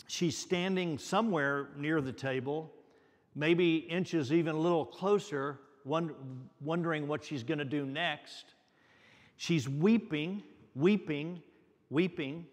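Male pastor, fairly high voice, unhurried earnest sermon, long church reverb. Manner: earnest, repeats words for emphasis. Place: church sanctuary.

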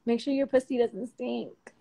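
A woman chatting casually on a phone livestream at home at night, slangy and profane, animated and quick to laugh. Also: on the high side, creaky, rough recording.

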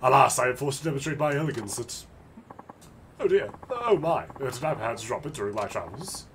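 A man's voice: mid-range voice, sing-song, moderate pace, a bit bright, a little hiss or hum. A man voicing a haughty, theatrical nobleman with pompous, old-fashioned phrasing while game music plays.

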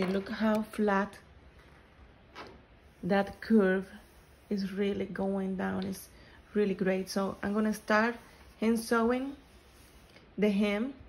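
A woman, not a native English speaker, explains sewing steps slowly, pausing and restarting phrases as she works. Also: medium pitch, fairly even intonation, a little mellow, low-quality recording. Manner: slow, halting, with restarts. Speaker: sewing instructor. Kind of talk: step-by-step sewing tutorial.

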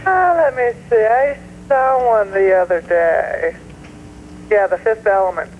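A woman's voice: medium pitch, a little slow. A woman calling in to a morning radio show over the phone, friendly and chatty. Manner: friendly, chatty, laughs easily. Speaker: radio caller. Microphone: telephone. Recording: tinny phone line with faint hiss.

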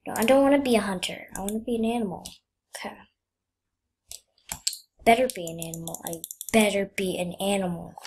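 A woman's voice: medium pitch, a little hiss or hum. A young woman chatting casually while playing a game, playful and chatty, often dropping into whispers. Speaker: gamer. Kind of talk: casual gameplay commentary. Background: faint keyboard clicks.

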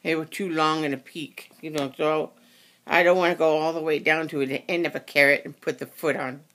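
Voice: medium pitch, fairly even intonation, a little fast, fairly bright tone. A craft tutorial host giving a casual how-to demonstration, rambling and often correcting and apologizing.

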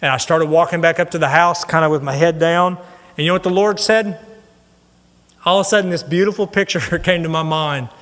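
A middle-aged man preaching a sermon, telling a personal story in an earnest, animated way. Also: on the high side, fairly quick. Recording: long hall reverb.

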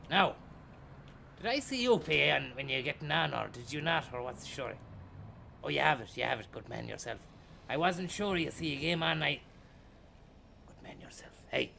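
With a gravelly, bright, forceful voice of medium pitch, an Irish man streams a bus-driving game for laughs. Playing the driver, he banters teasingly with passengers and keeps repeating catchphrases, over a little hiss or hum.

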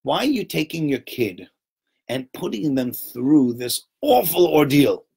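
Man, fairly high voice, chatty Torah teacher, animated storytelling. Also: a little slow, gravelly, husky. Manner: conversational, animated, checks in with "right?" and "yeah?"; acts out little voices and sounds while telling stories. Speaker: teacher giving a weekly Torah talk. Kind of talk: informal Torah talk to a small group.

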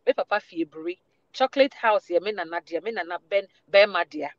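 A man's voice: high voice, brisk, fairly bright tone, dry recording, muffled recording. A Ghanaian man on a talk show, mixing Twi and English as he playfully puts pointed questions to a guest. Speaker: panelist asking questions.

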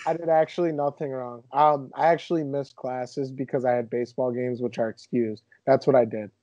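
Mellow-voiced young man hosting a podcast. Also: mid-range voice, moderate pace, dry recording, lo-fi sound. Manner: animated storyteller, exaggerated indignation. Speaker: podcast host. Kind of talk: casual podcast chat.

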